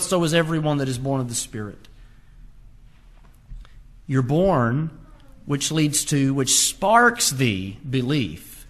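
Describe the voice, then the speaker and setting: A man's voice: mid-range voice, very animated, takes it slowly, pauses often, fairly bright tone. A man preaching a sermon, quoting scripture with emphatic rises and drops in his voice. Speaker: pastor.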